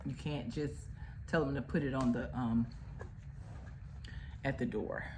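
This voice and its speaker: A woman's voice: a bass voice, fairly even intonation, measured pace, background noise. A woman chatting casually to camera as a vlogger, folksy and full of fillers. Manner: chatty, uses "y'all" and fillers.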